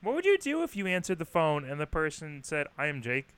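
A man's voice: fairly high pitch, wildly swooping pitch, fairly quick, a bit bright, smooth. A man chatting casually with a friend, joking and trying out silly announcer-style phone greetings. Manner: jokey, plays with silly phone voices. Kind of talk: casual comedic chat.

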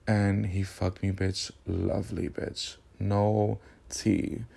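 A man hosts a podcast in a casual storytelling monologue, candid and full of sassy slang. His voice sits fairly low with a gravelly, fry-laden edge. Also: level tone, takes it slowly, mellow. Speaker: podcast host.

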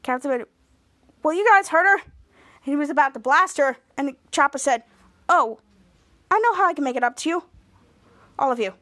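A woman hosting a podcast, casually retelling a TV episode in a lively way and acting out the characters' lines as she goes. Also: high-pitched, brisk, long pauses, no room sound. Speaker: podcast host.

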